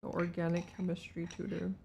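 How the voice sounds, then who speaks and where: A woman's voice: fairly low pitch, flat delivery, brisk, gravelly, warm tone, slight background noise. A woman in her twenties, a streamer, chatting casually and teasing a friend over voice chat. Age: 20s.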